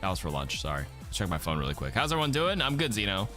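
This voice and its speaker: A man's voice: low voice, very animated, quick pace, pushed and bright, soft background music. A man streaming a watch party, chatting casually with his chat and rambling, swearing now and then.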